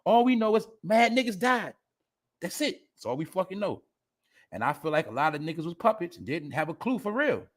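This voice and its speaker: Man, podcast host, profane, animated, laughing, slightly high voice. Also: fairly quick. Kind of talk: casual commentary.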